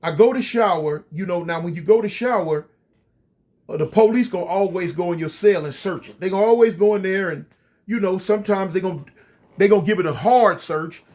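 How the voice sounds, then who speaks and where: Guy with a pretty high voice telling a story to the camera, slangy and animated, talks right at viewers. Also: brisk. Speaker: storyteller recounting prison life.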